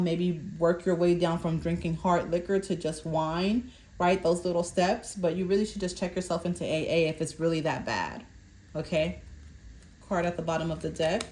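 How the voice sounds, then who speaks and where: Lowish woman giving a card reading. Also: a little mellow. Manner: repeats "okay?" to check in with viewers; stumbles over card meanings while reading them aloud. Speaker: tarot reader.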